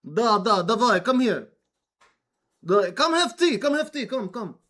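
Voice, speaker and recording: A man's voice: very high-pitched, very animated, unhurried, fairly bright tone, pitched above the performer's own voice, exaggerated voice. A man putting on a coaxing Russian trickster. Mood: sly. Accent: Russian (put on). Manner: coaxing, broken English, repeats words. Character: friendly, sly Russian man luring a victim.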